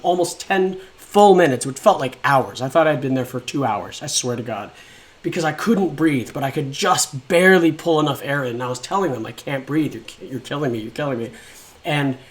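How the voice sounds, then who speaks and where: A young man casually telling his own life story, rambling and frank, swearing often and acting out what people said. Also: mid-range voice.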